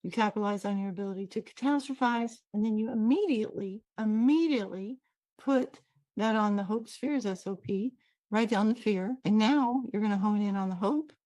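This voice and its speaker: A host and trainer from Washington State gives a loose, cheerful, wandering lesson through a computer mic in her Pacific Northwest accent. The voice sits at medium pitch with a dark tone and no echo.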